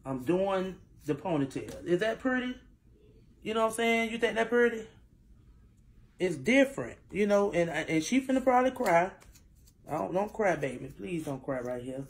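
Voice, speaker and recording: A woman's voice: mid-range voice, sing-song, normal speed. A middle-aged woman, a mother chatting casually to her viewers while doing her daughter's hair, rambling and full of asides. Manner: rambling, talks straight to viewers with frequent asides.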